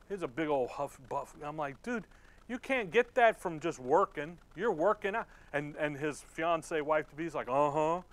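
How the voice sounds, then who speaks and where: A man preaching a sermon in a casual, folksy way. His voice sits fairly high for a man. He laughs often and slows right down when he reads scripture aloud. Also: a bit bright. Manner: reads scripture slowly and deliberately. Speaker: pastor.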